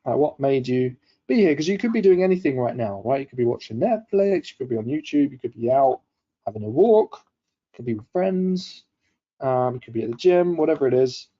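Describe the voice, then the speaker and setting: A man hosts a live-streamed coaching session, chatty and upbeat as he greets viewers and reads their comments aloud. His voice is deep, dark and mellow. The stream audio is a little dull and lo-fi. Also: animated, brisk. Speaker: webinar host.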